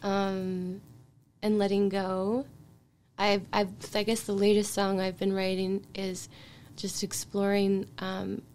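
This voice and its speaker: A woman with a Canadian accent chats as a guest on a casual podcast, musing openly about her songwriting. Her voice sits in a middle pitch, and she drifts between thoughtful asides and light laughter. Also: completely flat delivery, takes it slowly, a little mellow. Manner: chatty and reflective, with frequent light laughs.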